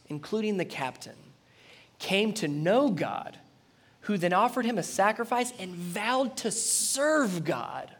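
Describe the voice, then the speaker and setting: A high-pitched man delivers a lively sermon from the pulpit. He reads scripture aloud and breaks off to comment, swinging from loud, forceful emphasis to soft, earnest closing appeals. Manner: animated, acts out dialogue, swings between loud emphasis and quiet intensity. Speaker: preacher.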